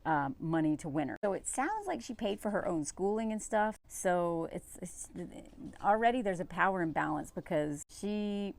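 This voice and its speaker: A woman's voice: fairly low pitch, expressive, moderate pace, gravelly. Exasperated, sarcastic woman commentator. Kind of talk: reaction commentary, reading an article aloud.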